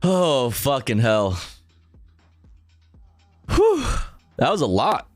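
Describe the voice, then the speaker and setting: A man's voice: medium pitch, wildly swooping pitch, extremely slow, no echo, faint music behind. A man streaming live, reacting to donations with profane jokes and frequent laughter. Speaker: livestreamer. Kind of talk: casual stream commentary.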